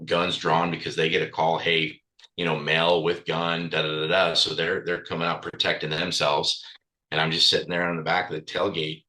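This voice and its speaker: A man's voice: low-pitched, sharp tone, poor audio. A man speaking as a podcast guest, telling a candid personal story bluntly, swearing freely and with raw emotion.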